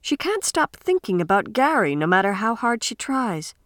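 A woman narrating an audiobook in a measured, expressive storytelling manner. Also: on the high side, no echo, clean studio sound. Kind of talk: scripted narration.

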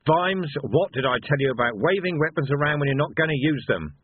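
A man voicing a gruff, weary watch sergeant who speaks bluntly and dryly, on a thin phone-like recording. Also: a little high, lively intonation, brisk, no room sound, pitched above the performer's own voice. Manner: blunt, dry, commanding. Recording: dry phone-like lo-fi sound.

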